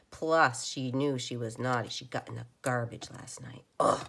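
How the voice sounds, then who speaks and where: A woman chatting casually at her home craft table, rambling and often dropping into a soft whisper. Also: a bass voice, moderate pace, gravelly. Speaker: crafter making journal ephemera.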